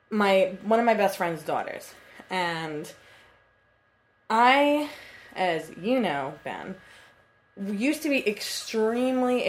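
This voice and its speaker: Chatty young woman telling a story. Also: on the low side. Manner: chatty storyteller, swears freely. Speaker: podcast co-host. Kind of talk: casual chat. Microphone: computer mic.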